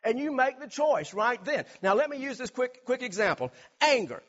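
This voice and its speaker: A man preaching a sermon, animated, acting out everyday scenes and repeating words for emphasis. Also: very high voice, normal speed, dull audio. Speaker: pastor.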